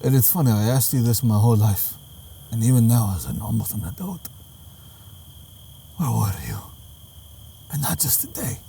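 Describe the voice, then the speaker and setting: Profane, storytelling young man, mellow voice. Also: mid-range voice, fast talker, gravelly, a little hiss or hum. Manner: profane, animated storytelling with acted-out quotes. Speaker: podcast co-host. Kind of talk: casual comedic chat.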